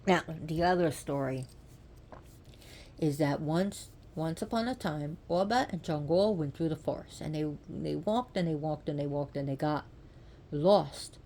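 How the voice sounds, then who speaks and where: A woman retelling a myth with deep feeling, repeating phrases and asking the listener direct questions. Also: unhurried, warm tone, slight background noise. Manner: impassioned, repetitive, asks the listener direct questions. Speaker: storyteller. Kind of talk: emotional oral storytelling of myth.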